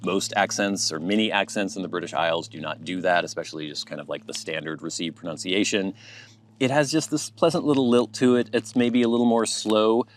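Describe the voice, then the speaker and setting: Deep-voiced and brisk, a man from the United States hosts his YouTube channel. He chats to camera in a loose, rambling way, thinking out loud as he goes.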